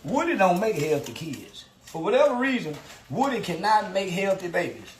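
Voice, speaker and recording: A man's voice: sits high, very animated, moderate pace, a little hiss or hum. A man ranting in a mocking, taunting way, cackling often between his lines. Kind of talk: taunting livestream rant.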